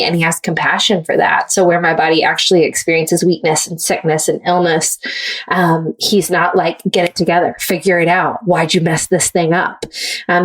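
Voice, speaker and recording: A woman's voice: on the low side, recorded from a distance. A woman author, a guest in an interview, giving earnest, thoughtful answers with frequent fillers.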